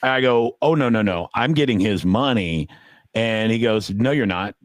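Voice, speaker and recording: A man with a fairly low voice spins a casual story, full of fillers and acted-out dialogue. The sound is dry and close to the mic, with no room around it. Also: normal speed, dry recording. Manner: rambling, many fillers, acts out quotes. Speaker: poker podcast panelist.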